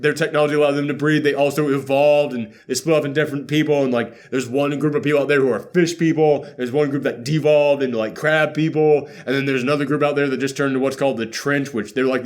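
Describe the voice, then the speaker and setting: A man hosting a casual movie reaction chat, sarcastic and laughing often as he acts out scenes in quick voices. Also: a little high. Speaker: podcast host.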